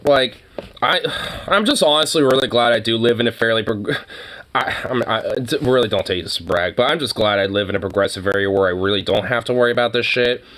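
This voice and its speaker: Young man, casual livestream rant, profane and rambling, mid-pitched voice. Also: brisk, a bit bright, a little hiss or hum. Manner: profane, rambling, heavy on fillers. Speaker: streamer.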